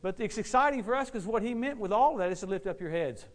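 A middle-aged male preacher rattles through stories at a quick clip, his voice sitting a little high for a man. He acts out the quotes and laughs along as he tells them. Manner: animated, quick storytelling with acted-out quotes and laughs. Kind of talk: storytelling sermon.

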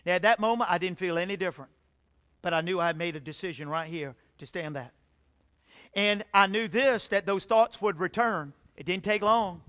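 A middle-aged pastor preaches his own testimony in a high-pitched voice. His tone is bright and forward, and he swings between loud emphatic bursts and hushed confessions. The delivery is plainly that of a sermon. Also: normal speed.

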